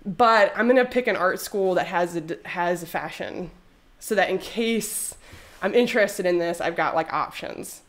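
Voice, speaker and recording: A woman's voice: on the low side, moderate pace. A woman in her thirties, a textile artist, chatting casually in an interview and rambling with lots of fillers.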